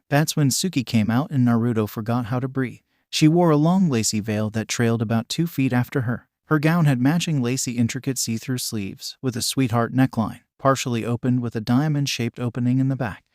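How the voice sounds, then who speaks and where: Male story narrator, steady machine-like read, dry. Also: medium pitch, dry recording. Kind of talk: reading a fan story.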